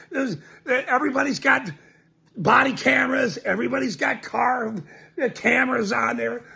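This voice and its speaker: Extremely high-pitched, creaky, and sharp, this Irish man's voice carries a rant aimed at the camera. The citizen journalist laughs and mocks between his lines, emphatically repeating what he's said.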